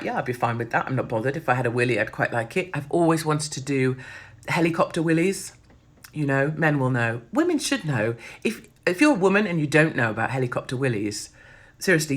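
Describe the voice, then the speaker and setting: A middle-aged British woman chats straight to camera in a blunt, sweary vlog. Her voice is hoarse and worn, yet bright and sharp-edged. She rambles freely from one thought to the next. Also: a bass voice. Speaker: vlogger. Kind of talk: casual vlog monologue.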